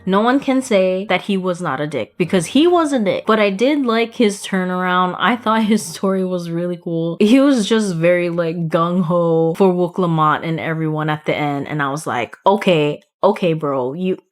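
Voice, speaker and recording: A young woman casually reviewing a video game, animated and swearing, acting out characters in high, squeaky voices. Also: moderate pace, hardly any pauses. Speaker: gaming video creator.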